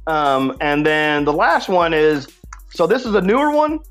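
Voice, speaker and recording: A man's voice: on the high side, big pitch swings, a little slow, a bit bright, soft background music. A man co-hosting a podcast in casual chat, rambling with lots of filler words. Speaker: podcast co-host.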